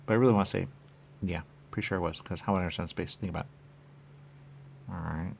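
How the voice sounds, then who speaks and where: A man hosting a radio show, talking in a rambling, repetitive monologue with muttered asides and sudden loud bursts. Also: sits low, steady tone, fast talker, vocal fry, a little hiss or hum. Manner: repetitive, playful, muttering asides, wide swings in loudness. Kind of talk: rambling stream-of-consciousness monologue.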